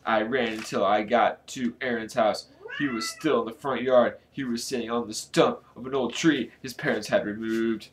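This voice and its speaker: A man casually reading a storybook aloud, with a lively delivery and joking asides. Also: mid-range voice, normal speed, a little hiss or hum. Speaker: channel host reading aloud.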